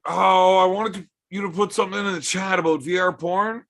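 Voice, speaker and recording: A man's voice: high-pitched, steady tone, fairly quick, fairly bright tone. A man hosting a casual livestream from home, bantering with chat in a joking, profane way. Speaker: livestream host.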